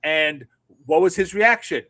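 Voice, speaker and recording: Profane, ranting man with a higher voice. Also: expressive, a little slow, pushed and bright. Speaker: political podcast co-host. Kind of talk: casual political commentary.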